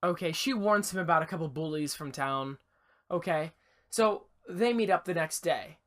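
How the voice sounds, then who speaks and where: A man co-hosting a podcast, retelling a story in casual chat with an animated, rambling delivery full of restarts and asides, recorded in an attic. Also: fairly high pitch, moderate pace. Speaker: podcast co-host.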